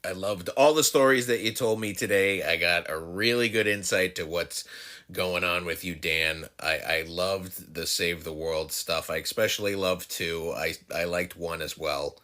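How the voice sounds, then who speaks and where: A male podcast host closes out the interview with thanks and a quick plug for the records. His voice sits low, with a bright, forceful edge. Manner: upbeat, promotional sign-off. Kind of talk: interview wrap-up.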